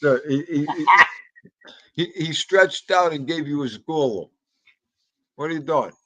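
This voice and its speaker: A man's voice: on the high side, animated, unhurried, rough recording. A man hosting a casual livestream podcast, rambling and joking with crude, profane banter.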